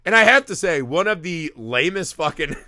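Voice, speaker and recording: A man's voice: on the high side, lively intonation, normal speed, pushed and bright, no room sound, clean studio sound. A man co-hosting a movie podcast, telling the story in casual, profane chat and acting out the characters' lines. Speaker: podcast co-host.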